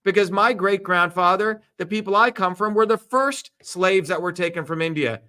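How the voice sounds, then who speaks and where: A man delivers a heated, profane livestream speech. His voice sits high and cuts with a forceful edge. He hammers his points through repetition. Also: normal speed, smooth. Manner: emphatic, repetitive, crude and profane. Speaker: political candidate speaking on a livestream.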